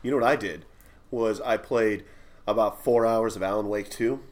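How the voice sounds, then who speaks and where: A man's voice: on the low side, normal speed, a little mellow. A man co-hosting a podcast, telling a long childhood story in loose, rambling casual chat and swearing along the way. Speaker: podcast co-host.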